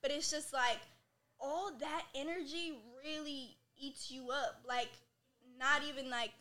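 A young woman with a high, bright voice chats casually as a podcast guest. Her talk is loose and profane, packed with filler words. She sounds relaxed and unguarded. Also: a little slow.

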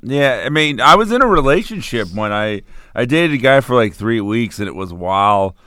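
A man's voice: medium pitch, very animated, moderate pace, pushed and bright, dry recording, clean studio sound. Teasing, laughing podcast co-host man. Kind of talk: crude comedic banter.

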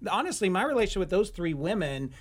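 A man telling a funny hiking story on a radio show, animated and laughing often as he acts out quotes. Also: high voice, fast. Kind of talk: casual radio chat.

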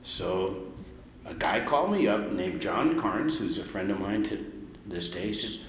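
A man's voice: lowish voice, lively intonation, a little slow. A middle-aged man from the Valley in Los Angeles, a musician telling stories casually in an interview and acting out the voices he quotes. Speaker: musician, guest. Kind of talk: storytelling interview. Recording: roomy hall, ambient noise.

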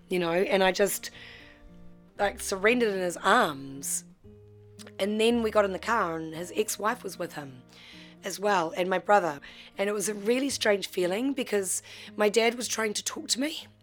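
A woman, telling her life story in a candid, heartfelt way with halting restarts. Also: mid-range voice. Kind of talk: personal storytelling.

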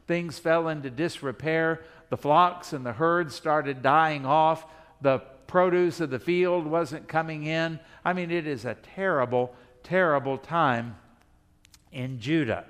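A man's voice: a little high, unhurried, a bit bright, clean tone. A male pastor preaching a sermon in a conversational way, asking the congregation rhetorical questions and speaking in the imagined voices of the people.

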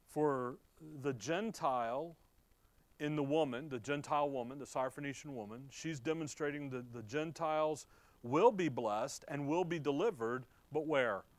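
A man teaching scripture with a slightly raised pitch, quizzing his hearers and answering himself. He swings from loud emphasis to near-murmured asides. The sound is dry and close, with no room echo. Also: normal speed. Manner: conversational, asks and answers his own questions; swings between emphatic and quiet. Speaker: pastor. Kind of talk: expository Bible teaching.

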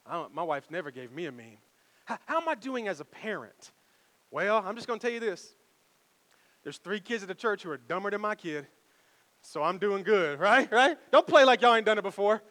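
High-voiced pastor preaching in an echoey hall. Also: male voice, fairly quick. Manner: conversational, animated preaching with rhetorical questions. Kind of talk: sermon. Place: church sanctuary.

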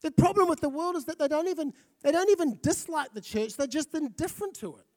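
A pastor who grew up in Fiji, giving a lively, conversational sermon and often checking in with listeners. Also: male voice, extremely high pitch, fast. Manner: lively, conversational, often asks the crowd "right?".

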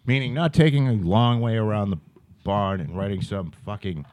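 A man's voice: fairly low pitch, normal speed, darkish tone, no echo. A man co-hosting a podcast in casual political chat, blunt, heated and profane. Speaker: podcast co-host.

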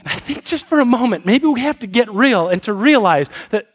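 A man preaching a sermon, telling a story with many restarts and slowing down for emphasis. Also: extremely high pitch, expressive, soft background music. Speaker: pastor.

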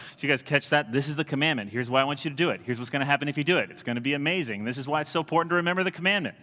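Male priest, lively conversational sermon delivery, bright, forceful tone. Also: mid-range voice, rapid-fire, long reverb tail. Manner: conversational, animated preaching with rising emphasis.

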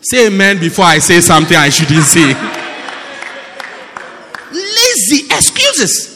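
A male pastor preaching a lively sermon in a church, acting out people's excuses and breaking into shouts. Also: a little high, a little fast, soft background music, some chatter behind. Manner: animated, mimics excuses, bursts into shouts. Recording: echoey church hall.

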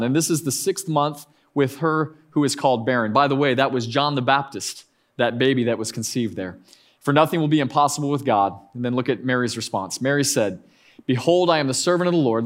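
A man in his thirties, a pastor preaching a conversational sermon with frequent asides and restarts. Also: medium pitch.

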